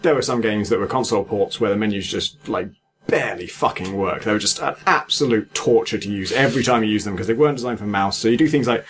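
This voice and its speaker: A man's voice: lowish voice, fast. A man co-hosting a podcast, speaking bluntly and swearing as he rants about game menus. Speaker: podcast co-host. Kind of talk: casual chat.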